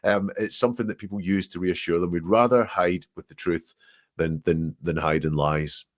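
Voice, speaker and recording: A man's voice: low voice, fairly even intonation, moderate pace. A man working as a statement analysis expert, reading quoted testimony aloud and picking apart the word choices in analytical commentary.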